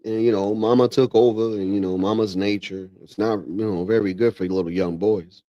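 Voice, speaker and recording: A man's voice: fairly low pitch, fairly quick, dull audio. A man hosting a livestream, reacting in slangy, casual commentary and calling everyone bro. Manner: slangy, keeps saying bro, animated asides. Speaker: livestream host.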